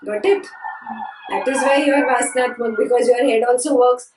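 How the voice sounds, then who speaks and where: A woman's voice: a little high, steady tone, brisk, a little mellow, slight background noise. A woman teaching a scripture class, asking her students questions and repeating key phrases. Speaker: spiritual teacher. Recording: echoey room from a distance.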